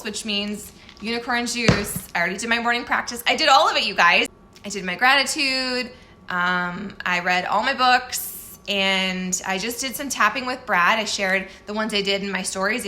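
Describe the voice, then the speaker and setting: Bright-voiced chatty woman vlogging. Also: mid-range voice, slight background noise. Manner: chatty, candid and self-deprecating, laughs often. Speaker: fitness coach. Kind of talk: casual morning vlog chat.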